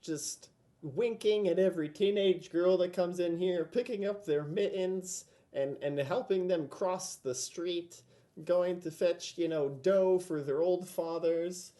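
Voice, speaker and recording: A man's voice: high voice, a little slow, warm tone, voice pushed up. A jealous queen berates her lover in a raised, demanding voice, put on by a man at the gaming table. She scolds with rising force, every line an order. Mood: scolding.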